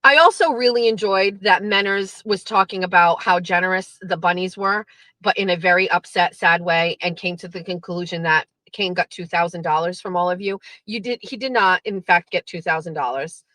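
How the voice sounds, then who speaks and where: A woman's voice: lowish voice, moderate pace, no room sound, poor audio. A woman hosting her own stream, ranting about online drama with heavy swearing and mocking impressions of other people. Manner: profane, animated, mocking impressions. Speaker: streamer host. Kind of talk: ranting commentary.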